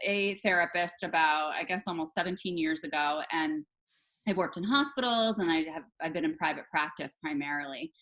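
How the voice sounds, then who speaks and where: A woman's voice: sits low, normal speed, a bit bright. A middle-aged woman, a therapist and healer, chatting as a guest on a talk show, bubbly and gushing, saying "like" often. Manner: bubbly, gushing, says "like" a lot. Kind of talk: casual interview chat.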